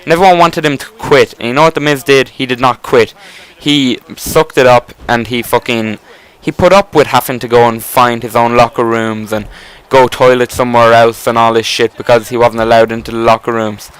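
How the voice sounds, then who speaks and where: A man talks over gameplay in a loose, rambling way, full of restarts, fillers and the odd curse. His voice is smooth and clear and sits at an ordinary middle pitch. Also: fairly even intonation, normal speed, hardly any pauses, rough recording. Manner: enthusiastic, rambling, casual swearing. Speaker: gameplay commentator. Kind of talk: casual rambling commentary.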